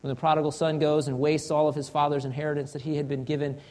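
A man's voice: on the high side, level tone, quick pace, a little mellow. A man preaching a sermon in an earnest manner, asking rhetorical questions and acting out example confessions. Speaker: pastor.

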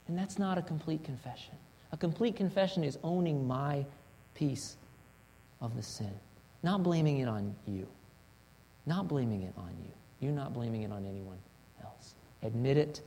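A man's voice: on the high side, darkish tone. A man preaching a sermon in an earnest manner, asking rhetorical questions and acting out example confessions. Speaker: pastor.

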